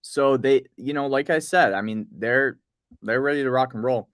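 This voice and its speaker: A man's voice: medium pitch, moderate pace, no room sound, clean studio sound. A man co-hosting a casual podcast, rambling through notes and reading bits aloud. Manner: relaxed, rambling, reads project notes aloud. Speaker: podcast co-host. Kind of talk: casual crypto news chat.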